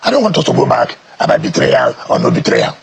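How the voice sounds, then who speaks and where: A Nigerian politician in a heated TV interview, talking forcefully and repeating his points. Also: mid-range voice, wildly swooping pitch, quick pace, creaky, slight background noise. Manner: forceful, emphatic, repeats phrases.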